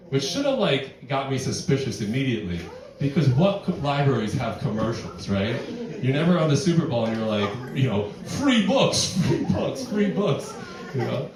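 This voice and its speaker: A man's voice: medium pitch, darkish tone. Rambling middle-aged man doing stand-up. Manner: rambling, self-deprecating, heavy use of "like". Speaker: stand-up comedian. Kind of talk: stand-up comedy set. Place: barn music venue with live audience. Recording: echoey room, distant mic, crowd laughter.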